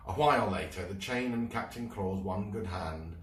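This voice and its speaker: A man reading a children's book aloud in an expressive storytelling voice. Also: deep voice. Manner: expressive, slow read-aloud. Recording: roomy room, mic at a distance.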